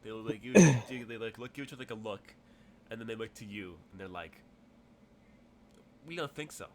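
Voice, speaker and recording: A man's voice: fairly low pitch, quick pace, a little hiss or hum. A man narrating a tabletop game as game master, rambling with many fillers and restarts.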